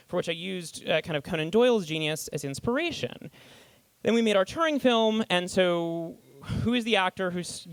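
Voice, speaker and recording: Man, higher register, dry close sound. A writer on stage spinning a funny self-deprecating anecdote, animated. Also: clean tone, dry recording. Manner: animated, thinking aloud. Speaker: writer giving a stage talk. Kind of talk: storytelling talk to a live audience.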